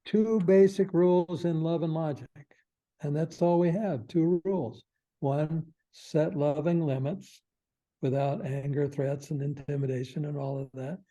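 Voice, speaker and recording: Mellow, husky older man. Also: a little high, fairly even intonation, measured pace. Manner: folksy, acts out little quoted phrases, chuckles often. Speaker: parenting expert guest. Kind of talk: podcast interview, explaining.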